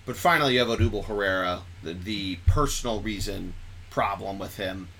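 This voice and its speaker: A man hosting a podcast, chatting casually and excitably about sports, rambling and correcting himself as he goes. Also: fairly low pitch, brisk, creaky, a little hiss or hum. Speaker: podcast host.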